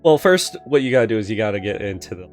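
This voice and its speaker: A man hosts a casual podcast in a low, lively voice, joking and ribbing his guest. Faint music sits underneath. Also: fast. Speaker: podcast host.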